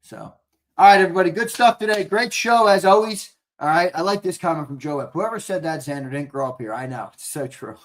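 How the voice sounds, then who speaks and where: A young man with a Philadelphia accent co-hosting a live sports show, talking excitably and swearing freely while reading viewer comments. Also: fairly high pitch, fairly quick. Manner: excitable, profane, rambling, reads chat comments aloud. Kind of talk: casual live-stream sign-off chat.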